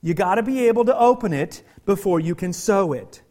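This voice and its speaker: A male pastor with a strikingly high voice delivers a lively sermon. He drops to quiet, confiding talk, then rises to shouted emphasis. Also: fairly quick. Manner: animated, swings from quiet to shouting.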